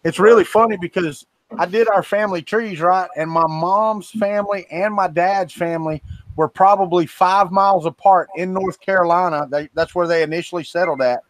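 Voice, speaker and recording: A man from Florida with a Southern accent co-hosts a livestream, his fairly high voice at normal speed in a dry recording. The chat is casual, teasing, and rambling.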